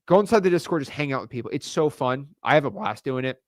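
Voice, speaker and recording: A man coaching viewers in an energetic video lesson, fast, slangy and emphatic, repeating words for punch. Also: medium pitch, dry recording, clean studio sound. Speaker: real estate wholesaling coach.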